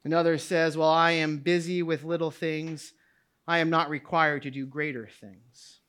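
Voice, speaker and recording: High, bright-voiced male preacher. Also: level tone, normal speed, clean tone. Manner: swings from quiet reflection to shouted preaching. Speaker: pastor. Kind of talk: sermon. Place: church sanctuary.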